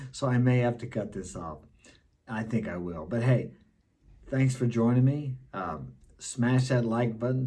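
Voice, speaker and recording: Blunt dark-voiced man giving dating advice. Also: medium pitch, husky. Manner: blunt, instructive, repeats key points. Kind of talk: casual advice monologue.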